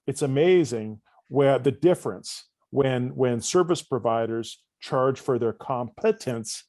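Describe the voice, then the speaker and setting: A man in a podcast interview, telling stories and acting out the voices of the people in them. His voice sits at a middle pitch and sounds close and dry, with no room around it. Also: measured pace, dry recording. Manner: animated storyteller, acts out dialogue. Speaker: guest coach.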